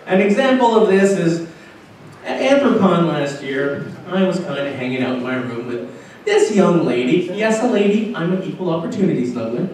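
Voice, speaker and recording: A young Canadian man performing a crude, self-mocking stand-up comedy set at a convention, with filler pauses between punchlines. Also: high voice, a little mellow. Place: convention hotel function room with live audience. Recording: very echoey, distant camcorder sound with faint room noise.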